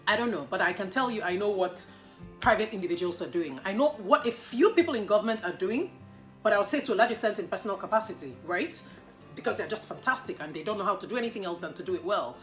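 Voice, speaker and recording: Nigerian woman vlogger, lively and teasing, bright tone, soft music bed. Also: mid-range voice. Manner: animated, playful, mock-indignant outbursts. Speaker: YouTuber answering viewer questions. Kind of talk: casual Q&A vlog.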